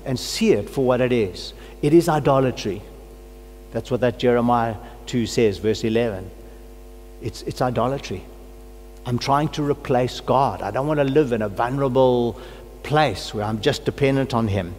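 A middle-aged man preaching with earnest conviction, his voice climbing into fervent prayer. He has a cold, and his words ring out in a long-echoing hall with a faint hum behind him. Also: mid-range voice. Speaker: pastor. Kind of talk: sermon.

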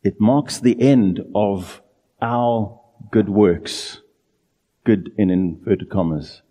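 A man preaching a sermon in an earnest, emphatic way, drawing out key phrases slowly. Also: on the low side, dark tone, in a large hall.

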